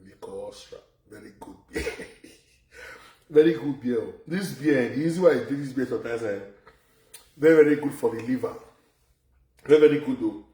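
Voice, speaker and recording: A man with a Nigerian Pidgin accent, ranting loudly in a casual live video, repeating phrases and laughing between points. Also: mid-range voice, normal speed, distant mic. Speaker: social media commentator. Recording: echoey room, voice away from mic.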